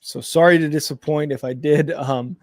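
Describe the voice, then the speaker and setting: A man's voice: fairly high pitch, steady tone, moderate pace, dry recording. Chatty man streaming football reactions, dry sound. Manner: rambling, filler-heavy, self-correcting. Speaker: co-host of a game watch-along stream. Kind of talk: casual live sports chat and play-by-play reactions.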